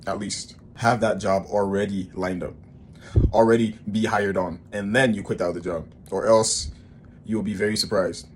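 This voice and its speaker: A man's voice: lowish voice, fairly even intonation, normal speed, a little hiss or hum. A man giving firm, practical advice to his viewers. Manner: firm, advising. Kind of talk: advice vlog.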